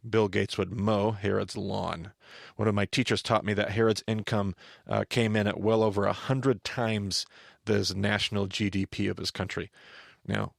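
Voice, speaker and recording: A man hosting a podcast, teaching on the Bible in an animated conversational way, often restarting and asking his co-host questions. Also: lowish voice, gravelly, no room sound, clean studio sound.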